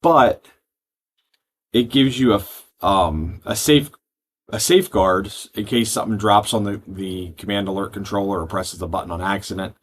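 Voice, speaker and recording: A man giving a step-by-step software tutorial, explaining settings plainly with frequent ums. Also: lowish voice, normal speed, a little hiss or hum. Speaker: product trainer. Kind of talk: screen-recorded software tutorial.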